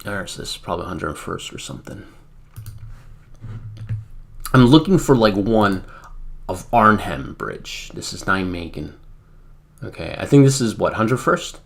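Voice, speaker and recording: An American man from the United States streams a wargame and chats in a rambling, casual way, full of fillers. His voice is low and gravelly with lively intonation, moving at a measured pace broken by long pauses.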